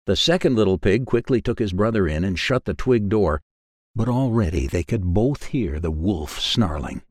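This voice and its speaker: A man narrating a children's fairy tale in a measured, expressive way. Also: fairly low pitch, dry recording, studio quality. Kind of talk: storybook narration.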